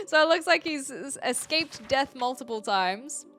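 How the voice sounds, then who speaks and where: American woman, streamer, casual game commentary, bright tone, faint game music behind. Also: high voice, lively intonation, slow, pauses often. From United States. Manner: chatty, laughs often, reads chat messages aloud.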